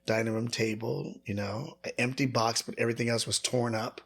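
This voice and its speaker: A man with a Southern American accent talks through a personal story as a podcast guest. His voice sits at an ordinary mid pitch, and he speaks earnestly, slipping into the voices of the people he quotes. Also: little pitch movement, fairly quick, creaky, a bit bright, slightly rough. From rural American South. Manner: earnest, acts out quoted voices when retelling. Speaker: author and guest.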